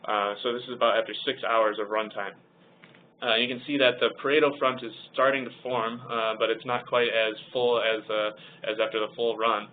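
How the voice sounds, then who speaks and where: A man presenting a technical software webinar, explaining charts and hesitating often with ums and uhs. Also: mid-range voice, level tone, fairly quick. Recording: tinny phone-like audio with faint hiss.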